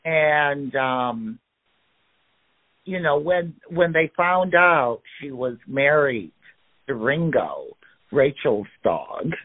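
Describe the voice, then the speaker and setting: A man co-hosting a casual chat, unhurried and hesitant. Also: a little high, expressive, no room sound. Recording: tinny phone-like line.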